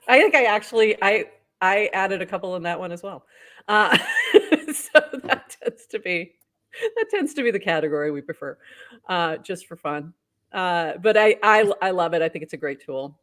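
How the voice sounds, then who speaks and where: A woman's voice: on the low side, brisk, fairly bright tone. A woman co-hosting a casual talk show, upbeat, reading posts aloud and laughing often. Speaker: podcast co-host. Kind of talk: casual news roundup chat.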